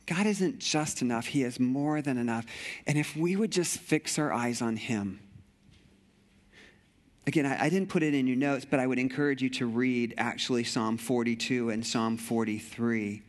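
A man's voice: mid-range voice, normal speed. A middle-aged male pastor preaching a sermon with passion, repeating phrases and often restarting sentences.

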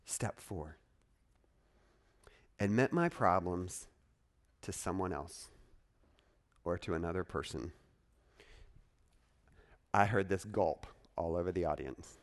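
A man preaching a sermon as a pastor, in an animated, conversational way with frequent asides to the congregation. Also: deep voice, takes it slowly, pauses often.

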